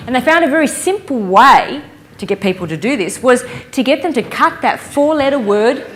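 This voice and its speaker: A woman giving a lively conference keynote, engaging the audience with stories and questions. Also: a little high, a little hiss or hum. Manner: lively, playful storyteller who engages the audience. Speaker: keynote speaker. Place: conference hall stage.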